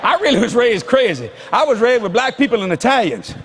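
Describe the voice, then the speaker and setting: A male stand-up comedian telling a story in an animated way and acting out scenes, recorded live on stage. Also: extremely high pitch, brisk, very noisy. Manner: animated, laughing, acts out scenes.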